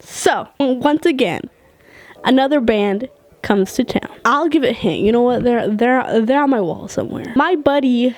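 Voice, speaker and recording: A young woman vlogger telling a story in casual, animated talk, swearing, laughing and acting out what others said. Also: fairly high pitch, normal speed, no room sound.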